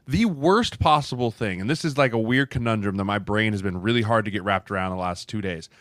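A man's voice: lowish voice, brisk, fairly bright tone, dry recording, clean studio sound. A man co-hosting a sports podcast, making his case in casual chat, tossing in "right?" as he builds each point.

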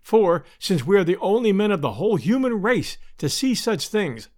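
A man narrating an adventure story as an audiobook, in an expressive storytelling manner. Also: sits high, normal speed. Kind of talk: scripted narration.

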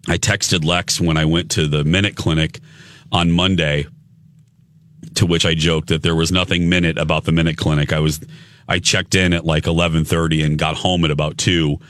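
A man's voice: a bass voice, level tone, normal speed, fairly bright tone, no room sound. A man co-hosting a morning radio show, sounding like he has something in his mouth while getting over bronchitis, chatting in a rambling way. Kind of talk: casual radio banter. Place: radio studio.

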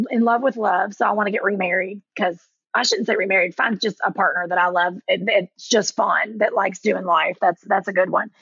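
A woman in her forties in casual chat, telling lively stories and acting out quotes in a higher voice. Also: creaky, breathy edge, dry recording, lo-fi sound. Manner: animated storyteller, acts out quotes with a jump in pitch. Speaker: podcast guest.

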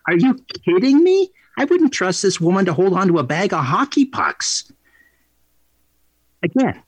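A man's voice: a little high, breathy edge, no echo. A man hosting a talk radio show, delivering an opinionated, sarcastic and indignant monologue. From Canada. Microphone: studio microphone.

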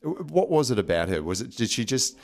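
A man interviewing a footballer, encouraging and quick with "yeah" backchannels. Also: mid-range voice, very animated, darkish tone. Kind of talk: casual interview.

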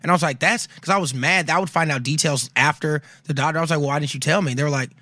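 A man talks fast and loose, telling a story and cursing often. The sound is dry and close, with no room around it. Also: fairly high pitch, dry recording. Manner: fast, animated storytelling, swearing freely. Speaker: comedian, podcast guest. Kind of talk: casual storytelling chat.

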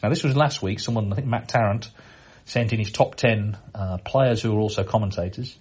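A middle-aged man hosting a podcast, reading out listener emails in a relaxed, chatty way with frequent hesitations. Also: lowish voice, brisk, slightly rough. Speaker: podcast host.

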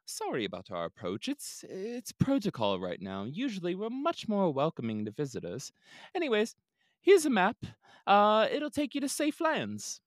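A man's voice: sits high, wildly swooping pitch, normal speed, no room sound, clean studio sound, pitched above the performer's own voice. A man voicing the chummy, slightly evasive male captain of a mysterious crew. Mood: friendly.

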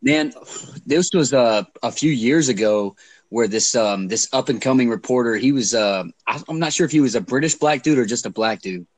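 A man in casual chat with friends, brash and quick to swear and laugh. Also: mid-range voice, no room sound.

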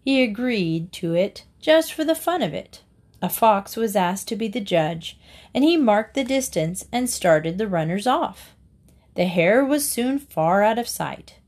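A woman narrating classic fables aloud for listeners. She reads slowly and deliberately, pausing to give each moral its weight. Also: mid-range voice, animated, a little mellow. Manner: slow, deliberate reading aloud. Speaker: reader. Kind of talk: storybook narration.

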